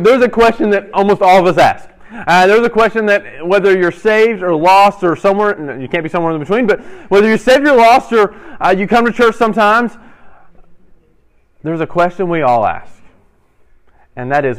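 A young man in his role as a youth pastor, giving an interactive sermon and playfully quizzing his audience with quick asides. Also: sits high, animated. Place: church hall with audience.

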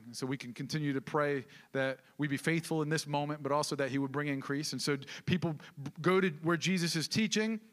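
A man's voice: a little high, a bit bright. A male pastor preaching a sermon in a conversational way, with casual asides and questions to the congregation.

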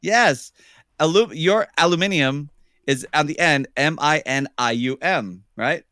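A man's voice: a little high, unhurried, pushed and bright, no room sound, studio quality. A man co-hosting a comedy podcast, rambling through a story with fillers and frequent laughter. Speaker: podcast co-host. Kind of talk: casual comedic chat.

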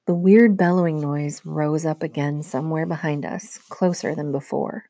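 A woman teacher reads a novel aloud to her class in a low, mellow voice. Her narration is steady and even, recorded dry with no room sound. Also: moderate pace, hardly any pauses, no room sound.

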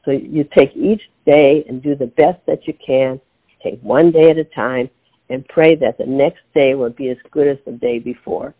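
Older woman guest, gravelly, phone-line sound, animated storyteller. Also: very deep voice, normal speed. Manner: animated storyteller acting out her own quotes. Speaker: author and interview guest.

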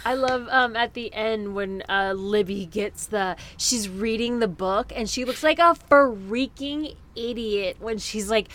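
A woman's voice: fairly high pitch, unhurried, few pauses, a bit bright. A woman hosting a casual chat, enthusiastically retelling scenes in quoted voices.

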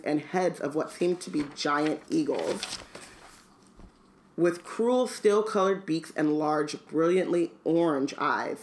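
Low-voiced woman reading and chatting. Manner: chatty, laughs often, fillers. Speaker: podcast co-host. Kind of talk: casual chat and reading aloud.

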